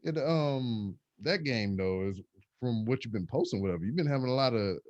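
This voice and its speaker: A man's voice: mid-range voice, expressive, normal speed, darkish tone, dry recording, dull audio. Laid-back man hosting a chat show. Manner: laid-back, laughs often, loose phrasing. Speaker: podcast host. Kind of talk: casual interview chat. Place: remote call.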